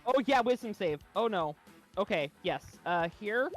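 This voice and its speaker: A young woman playing in a tabletop game, giggly and lively, with a drawn-out way of talking. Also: medium pitch, faint music behind. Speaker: player. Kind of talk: casual tabletop play over voice chat.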